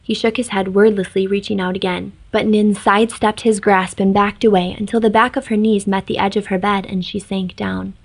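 A woman narrates a fantasy story in an even, measured read. Her voice is husky and gravelly, and her tone stays flat, with little rise or fall. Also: medium pitch, rough recording. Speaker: story reader.

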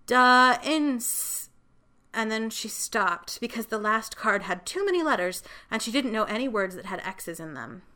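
A woman narrates a fantasy short story at a gentle, measured pace, as in scripted reading. Her voice is mid-pitched with a bright, forward tone. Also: expressive.

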